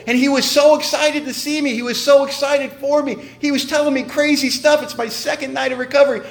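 High-voiced man telling a wry story. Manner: animated, wry and joking. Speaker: speaker sharing at a recovery meeting. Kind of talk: storytelling recovery talk.

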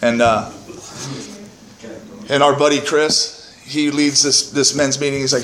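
A man's voice: mid-range voice, little pitch movement, unhurried, a bit bright, echoey room. A man telling his own story to a recovery meeting from the podium, candid and self-mocking, swearing freely and often tagging "right?" onto his points. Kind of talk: personal testimony to a meeting. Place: meeting room. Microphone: podium microphone.

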